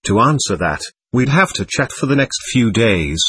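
A man reading the lines of an aloof, mysterious young woman in her twenties, in a calm, evasive, matter-of-fact way and his own husky voice. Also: mid-range voice, normal speed, heavily acted.

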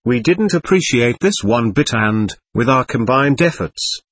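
An aloof young woman in her twenties, calm and evasive, who answers everything matter-of-factly, as a male storyteller reads her lines. The voice is husky, with a lively lilt, recorded close and dry with no room sound. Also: mid-range voice, unhurried, dry recording.

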